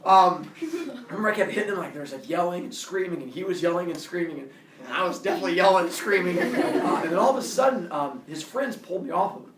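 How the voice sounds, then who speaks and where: A man telling a childhood fight story in an animated way, laughing and acting out the voices. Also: high voice, fast, very noisy. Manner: animated, laughing, acts out quotes. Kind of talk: personal storytelling talk. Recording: roomy, distant camera audio.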